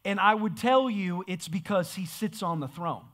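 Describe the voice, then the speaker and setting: A man's voice: sits high, moderate pace, a bit bright. A man preaching a sermon in a church, emphatic and repetitive. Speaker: pastor. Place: church sanctuary.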